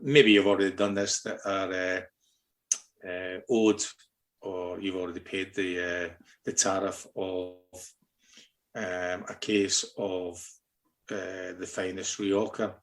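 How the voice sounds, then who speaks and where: Scottish man, very low voice, podcast host, halting and teasing, lots of uhs. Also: level tone. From Scotland. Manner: halting, many fillers and restarts, teasing. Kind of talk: casual podcast interviewing.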